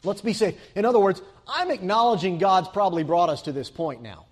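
A man's voice: high voice, expressive, fairly quick. A man preaching a sermon in an earnest, emphatic way, repeating phrases for stress.

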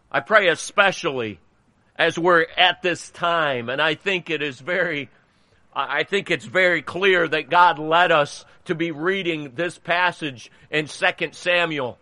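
A man's voice: fairly high pitch, sharp tone, dry recording. A male pastor giving an earnest, emphatic sermon and reading a poem aloud to his congregation.

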